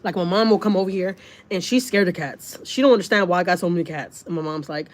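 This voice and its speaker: A woman's voice: on the low side, fast talker. A woman hosting a casual livestream, reading viewer comments and talking bluntly, swearing freely and piling on fillers. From Texas, USA. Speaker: livestream host.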